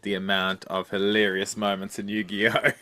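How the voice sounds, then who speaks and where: A man co-hosting a podcast, asking playful questions in an unhurried way and laughing easily. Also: lowish voice, monotone, pushed and bright. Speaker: podcast co-host. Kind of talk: casual chat, asking questions.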